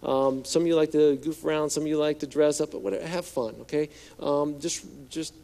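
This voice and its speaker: Mellow-voiced man preaching conversationally. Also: on the high side, steady tone, a little fast, vocal fry. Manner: conversational, playful asides, acts out quotes in hushed voice. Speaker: pastor. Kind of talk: sermon.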